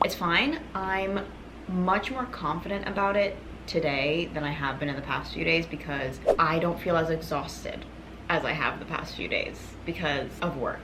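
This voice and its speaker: A woman's voice: deep voice, unhurried, noisy background. A young woman vlogging casually about her reading, chatty and rambling with lots of fillers, at home. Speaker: book vlogger. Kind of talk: casual vlog chat.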